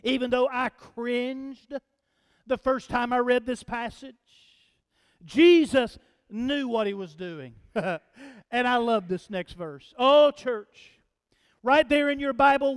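A male pastor, preaching slowly and dramatically, swelling to loud calls and dropping to hushed lines. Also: very high voice, smooth. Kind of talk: sermon. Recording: long reverb in a large hall.

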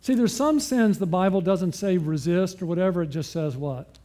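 A man with a high, mellow voice preaches at a moderate pace. In a sermon style, he repeatedly poses questions to his listeners and then answers them himself.

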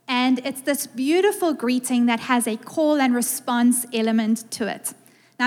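A woman with a South African accent, a guest preacher giving a conversational, playful sermon to a congregation in a church. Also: high-pitched. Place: church sanctuary. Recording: reverberant church hall.

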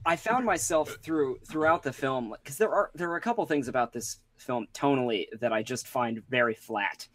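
A man on a film podcast, giving measured, thoughtful opinions in casual chat. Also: mid-range voice, a bit bright.

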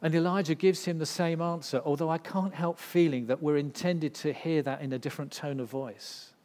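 A man preaching a sermon, swinging from loud, intense passages to hushed ones. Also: fairly high pitch, fairly even intonation, a little fast. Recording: long reverb of a hall.

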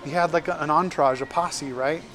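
A man's voice: on the high side, steady tone, a little fast, a bit bright, faint music behind. A man preaching a casual sermon, retelling scripture in everyday, conversational language.

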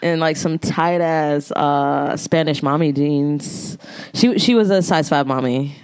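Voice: medium pitch, slow pace, smooth, no echo. A podcast co-host, telling stories in casual, slangy chat and laughing often. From New York. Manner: laid-back storytelling, slangy, laughs often.

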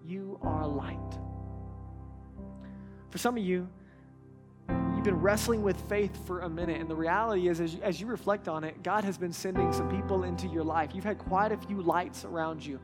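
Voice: medium pitch, fairly quick, over loud music. A pastor preaching a sermon in a conversational way, with restarts and asides, who repeats key words for emphasis.

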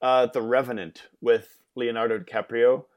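A man's voice: mid-range voice, little pitch movement, normal speed, darkish tone. A man co-hosting a podcast in casual chat, opinionated with dry asides. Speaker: podcast co-host.

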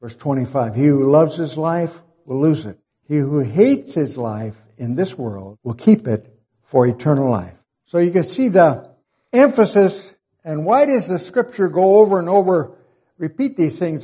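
A man's voice: fairly high pitch, mellow, slightly rough. A man preaching a Bible-teaching sermon, reading verses aloud and repeating key points for emphasis.

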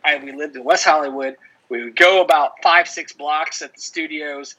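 Husky-voiced man rambling through a story. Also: on the high side, normal speed, pushed and bright. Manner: rambling storyteller, many restarts and "dude". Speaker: podcast co-host. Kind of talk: casual chat. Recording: dull lo-fi audio.

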